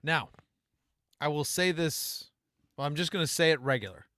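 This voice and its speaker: A man co-hosting a live podcast, running a quiz in casual chat with a steady, patient, playful manner. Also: fairly high pitch, moderate pace, dry recording, clean studio sound.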